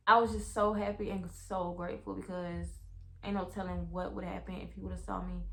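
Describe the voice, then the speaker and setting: A young woman tells a story-time vlog straight to her viewers. Her delivery is casual and animated, full of slang and swearing, at an average pitch for a woman. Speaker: vlogger.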